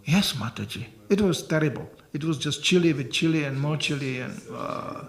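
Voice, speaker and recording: An older monk giving a temple lecture, telling stories in an animated, chuckling way. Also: male voice, on the high side, normal speed. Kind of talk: sermon with storytelling.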